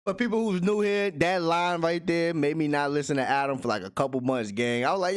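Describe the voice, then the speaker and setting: A man's voice: on the high side, a little fast. A man hosting a casual livestream, talking in slang, reading chat aloud and laughing often.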